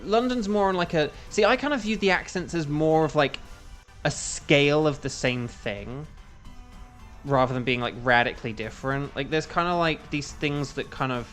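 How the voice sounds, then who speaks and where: A man's voice: a little high, moderate pace, a bit bright, faint music behind. A young English man chatting casually with his stream chat while playing a game, rambling and humming to himself between moves. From England. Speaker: gaming streamer.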